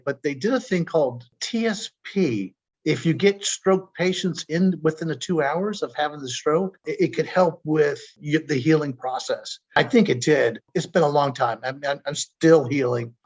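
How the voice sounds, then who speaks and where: A man telling his own story as a podcast guest, earnest and emotional, often stumbling and repeating words. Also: medium pitch. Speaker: stroke survivor guest. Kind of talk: personal storytelling. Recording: dull lo-fi audio.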